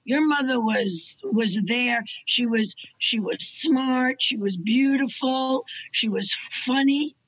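A woman's voice: high voice, takes it slowly, hardly any pauses, rough recording. A woman talking as a guest in a casual conversation, emphatic and a little profane.

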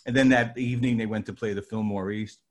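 An older man from New Jersey telling a lively anecdote, acting out the voices of the people in it. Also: lowish voice, quick pace. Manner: lively, acts out voices in his story. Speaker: storyteller guest.

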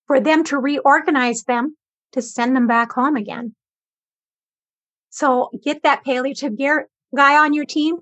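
A woman guest on a talk show earnestly recounts her experience with cancer, storytelling conversationally and quoting the dialogue between people. Her voice sits high with a slightly bright tone, and there's no echo.

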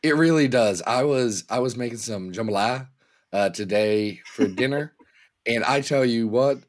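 A man's voice: mid-range voice, moderate pace. A man with a sore throat co-hosting a casual podcast, joking and self-deprecating. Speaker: podcast co-host.

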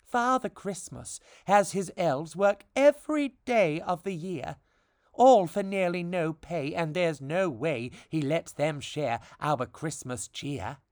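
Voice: medium pitch, takes it slowly, darkish tone, dry recording, studio quality. A storybook reader voicing a preachy, self-assured female fairy who lectures her friend. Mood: speechifying. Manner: lecturing, speechifying.

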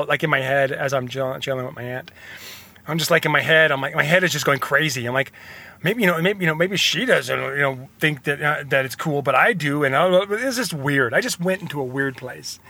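Young man, bright forceful voice, slightly high, earnest rambling podcast monologue. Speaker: podcast host. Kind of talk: motivational monologue.

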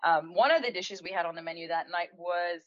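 Woman restaurant owner telling a story, kinda low voice, dry dull lo-fi mic, laughs as she goes. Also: a little fast, no echo. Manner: chatty and animated, laughs while telling, frequent fillers. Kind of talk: anecdotal storytelling in conversation.

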